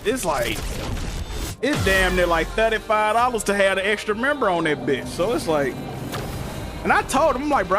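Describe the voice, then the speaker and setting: High-voiced man ranting over music. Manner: animated, profane, slangy storytelling. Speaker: streamer. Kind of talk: casual rant on a gaming stream. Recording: music playing in the background.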